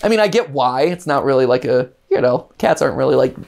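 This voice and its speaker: A man's voice: mid-range voice, quick pace, gravelly. Chatty man telling a story. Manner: animated storytelling full of restarts and voiced asides. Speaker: host. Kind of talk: casual chat before a gameplay stream.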